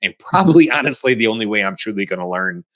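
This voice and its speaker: Low-voiced animated American co-host. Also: male voice, fast. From United States. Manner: animated, acts out quoted voices. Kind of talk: casual panel discussion.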